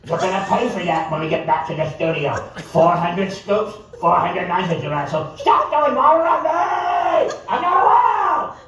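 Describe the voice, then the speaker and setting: Guy putting on a squeaky mad lady yelling at rescuers, cussing, super echoey with music behind. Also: steady tone, moderate pace, few pauses, distant mic, close to an everyday voice. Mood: shrieking. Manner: shrill, indignant, swearing, laughing through it. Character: sunbathing woman mistaken for whale, furious. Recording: echoey with loud music, off-mic.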